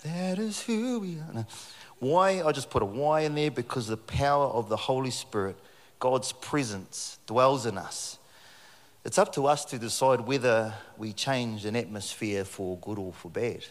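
Jokey New preacher in echoey hall. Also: male voice, mid-range voice, moderate pace. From New Zealand. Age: middle-aged. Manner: jokey, animated storytelling with frequent laughs. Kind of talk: sermon. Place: church hall. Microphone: handheld mic.

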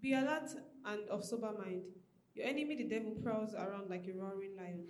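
A woman reading scripture aloud in a church service, steady and measured. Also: medium pitch, reverberant.

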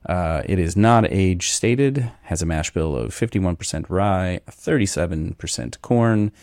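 Man, podcast host, very low voice, casual rambling chat, dry close sound. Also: measured pace, smooth, no room sound. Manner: relaxed, rambling tasting notes with many fillers.

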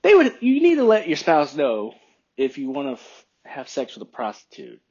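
A man's voice: a little high, wildly swooping pitch, moderate pace, a little mellow, breathy edge, dull audio. A man in a casual opinion monologue, rambling and thinking aloud, often questioning himself.

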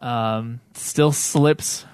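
A man's voice: mid-range voice, steady tone, drawn-out words, smooth, no room sound. A man hosting a casual gaming podcast, teasing his friends and steering the talk. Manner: teasing, leads the segments. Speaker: podcast host.

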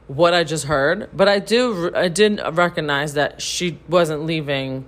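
A woman co-hosting a podcast, telling a story in casual, animated chat to her listeners, swearing freely and saying "like" a lot. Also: sits low, unhurried. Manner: animated, profane, heavy use of "like". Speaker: podcast co-host.

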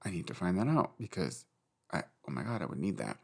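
A man's voice: low-pitched, very animated, fast, creaky, darkish tone. A man chatting casually and rambling about books late at night, swearing and laughing at himself. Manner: rambling, profane, giggly. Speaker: book vlogger.

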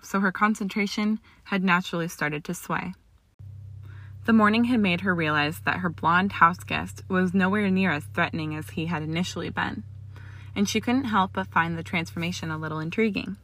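A woman narrates a story in a steady, measured reading voice. Her pitch sits a little low. The sound is close and dry, with no room around it. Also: no echo. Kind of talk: audiobook narration of fan fiction.

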